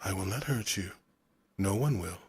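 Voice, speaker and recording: A gentle caretaker woman of a roaming tribe, as a male narrator puts her on, speaking deep, rhythmic and musical with a thick, rounded accent. She soothes softly but turns firm when needed, in a dry, close-miked audiobook reading. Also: animated, moderate pace, slightly rough, dry recording, full character voice. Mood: soothing. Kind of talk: audiobook character voice.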